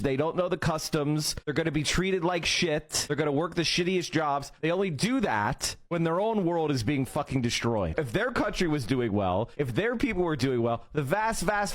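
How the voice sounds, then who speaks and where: An agitated man reacts to a clip with a fired-up, foul-mouthed rant. His voice sits a little high and swings widely in pitch. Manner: animated, profane ranting. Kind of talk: casual reaction commentary.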